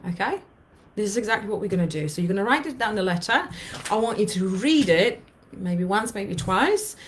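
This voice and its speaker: A woman in her thirties who works as an anxiety coach speaks to her viewers in earnest, blunt, emotional coaching talk, swearing freely. Her medium-pitched voice is expressive and brisk, with slight background noise.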